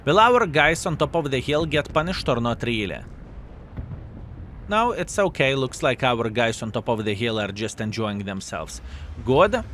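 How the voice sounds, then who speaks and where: A man with a Lithuanian accent doing lively, playful gameplay commentary and talking straight to his viewers. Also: medium pitch, unhurried, slight background noise. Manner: animated, playful, addresses viewers as fellas. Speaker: gaming YouTuber.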